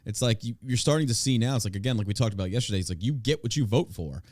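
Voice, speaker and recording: A man's voice: medium pitch, animated, racing, a little mellow, dry recording, clean studio sound. A man hosting a podcast in casual chat, blunt and opinionated, with crude banter. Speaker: podcast host.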